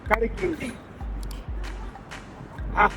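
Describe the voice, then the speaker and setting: A man's voice: extremely high pitch, animated, very slow. A young South African man hosting a street challenge, playful and teasing as he hypes up contestants outdoors. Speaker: host of a street challenge show. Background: music playing.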